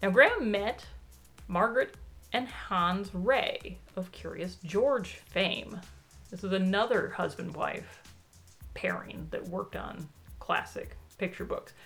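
A woman's voice: medium pitch, slow pace, fairly bright tone, faint music behind. Woman podcast co-host, playful and teasing, casual banter. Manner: playful, teasing, jokey asides. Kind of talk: casual chat.

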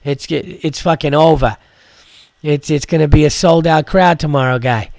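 A man's voice: a little high, normal speed, no echo, studio quality, natural voice. A man imitating a blunt young doorman with a Boston accent who keeps saying "guy". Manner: loud, blunt, says "guy" constantly.

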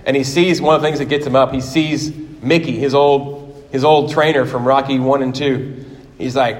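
A man in his forties preaching a sermon in a church, telling stories in a lively way and acting out quotes. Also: medium pitch, brisk. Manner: animated storytelling with acted quotes. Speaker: pastor. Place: church sanctuary. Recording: long hall reverb.

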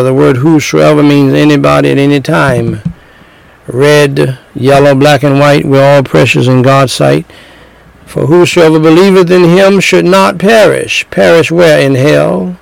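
A middle-aged man preaching a sermon, slow and emphatic, repeating phrases and telling stories. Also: a little high, vocal fry, no echo, rough recording.

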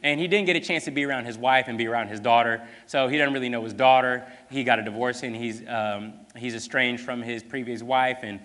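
A man preaching a sermon, telling a story in a casual, animated way full of fillers. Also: mid-range voice, fairly quick, hardly any pauses, long reverb tail.

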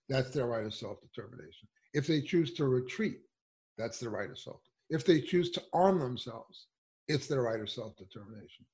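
A man's voice: medium pitch, a little mellow. A man giving impassioned political commentary, emphatic and indignant, firing off rhetorical questions. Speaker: political speaker.

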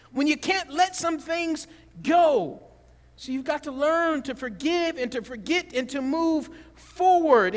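High-voiced pastor preaching in a hall. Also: male voice. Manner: animated storytelling with big swings in pitch and loudness. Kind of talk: sermon.

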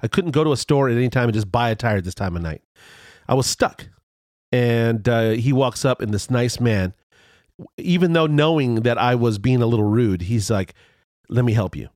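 A man telling a road story in casual chat, rambling with restarts and fillers, and his voice jumps higher when he gets excited. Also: moderate pace, no echo, studio quality.

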